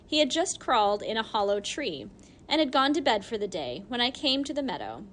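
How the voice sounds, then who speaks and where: A woman narrating an audiobook in the first person, telling the story in an animated, expressive way. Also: a little high, a little fast, slight background noise.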